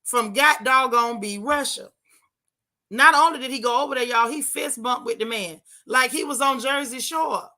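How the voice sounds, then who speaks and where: A woman hosting a livestream from her car, giving sassy, animated commentary and reading viewer chat aloud. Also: high voice, normal speed. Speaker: livestream host. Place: in a car while driving.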